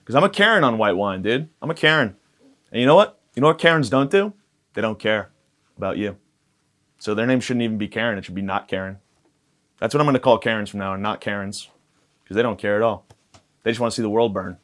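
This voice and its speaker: Young man, low-pitched voice, crude and rambling, self-mocking podcast host. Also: fast, pauses often, fairly bright tone. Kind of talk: casual comedic monologue.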